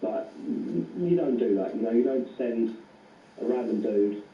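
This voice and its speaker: A man's voice: mid-range voice, expressive, moderate pace, echoey room, far from the mic, highs cut off, slight background noise. A man on a sports radio show, talking in a blunt, teasing way as a pundit. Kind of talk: casual radio chat.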